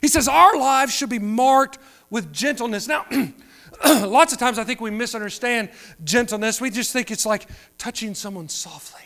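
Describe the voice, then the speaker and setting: A man preaching a sermon, moving between quiet, drawn-out phrases and louder emphatic ones. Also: extremely high pitch. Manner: preaching with wide swings between soft and loud. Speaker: pastor.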